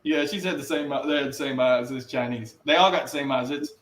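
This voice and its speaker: A man's voice: mid-range voice, brisk, fairly bright tone. Blunt rambling man in a roomy room. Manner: rambling anecdotal storyteller, blunt. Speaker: podcast guest. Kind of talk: casual chat. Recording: roomy echo.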